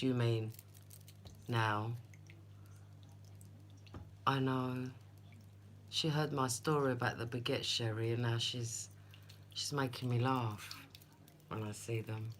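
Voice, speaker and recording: A woman's voice: rumbling low, fairly bright tone, a little hiss or hum. A woman reading tarot on a live stream, telling stories in a chatty way and talking to viewers by name. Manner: chatty, laughing storyteller who speaks to viewers by name. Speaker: tarot reader.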